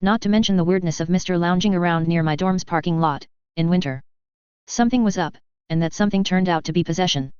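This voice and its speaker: An audiobook narrator reading a fanfiction story aloud in an even, measured way, first with an author's note and then with the chapter. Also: mid-range voice, clean tone, no echo, dull audio.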